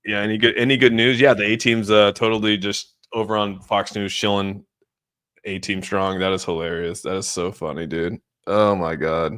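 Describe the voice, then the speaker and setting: A man's voice: on the low side, moderate pace, a bit bright, clear, resonant tone. Giddy young man laughing on a livestream. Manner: laughs often, says "dude" a lot, giddy and amused. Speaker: crypto livestream host. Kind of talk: live-stream chat reaction.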